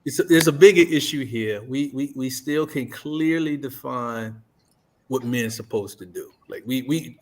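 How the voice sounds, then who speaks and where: A man's voice: medium pitch, a little slow. A middle-aged man speaking earnestly in a casual panel chat, often repeating himself to keep the floor.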